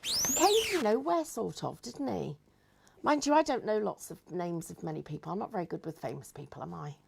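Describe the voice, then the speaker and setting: A woman's voice: on the low side, sing-song, brisk, vocal fry, darkish tone, slight background noise. A woman hosting a live craft show, chatting in a rambling, giggly way. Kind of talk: live crafting demonstration chat.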